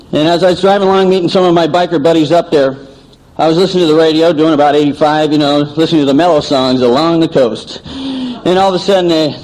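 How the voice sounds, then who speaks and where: A man shares his story at a recovery meeting, talking quickly in a somewhat high voice. He tells it with animation, acting out bits of dialogue. The sound is an old cassette tape recording. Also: a little mellow, low-quality recording. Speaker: AA speaker.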